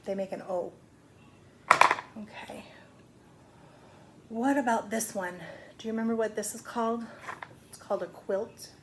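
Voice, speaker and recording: A woman's voice: fairly high pitch, steady tone, fairly quick, background noise. A middle-aged woman teaching a phonics lesson to young children, patiently sounding out words.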